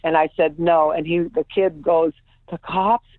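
A woman's voice: sits low, a little slow, no room sound. A woman guest telling an emotional personal story, acting out what people said, heard over a phone line. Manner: animated, acts out quoted voices.

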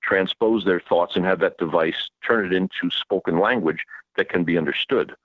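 Male author guest, low and emphatic, sarcastic edge, on a dull dry recording. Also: normal speed, no room sound. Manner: emphatic, sarcastic rhetorical questions. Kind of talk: interview talk.

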